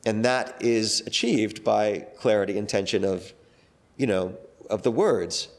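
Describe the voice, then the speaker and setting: A man's voice: lowish voice, measured pace. A middle-aged man, a guest actor, talking casually in an interview, rambling with many fillers and restarts.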